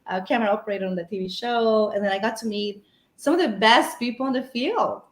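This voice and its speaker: A woman's voice: fairly high pitch, fast talker. Echoey rambling woman storyteller. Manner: rambling, storytelling with many fillers and restarts. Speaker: guest paranormal investigator. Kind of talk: casual podcast chat.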